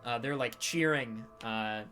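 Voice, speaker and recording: A man's voice: mid-range voice, a little slow, sharp tone. A man narrating a tabletop game as game master, in a casual, loose way with many fillers.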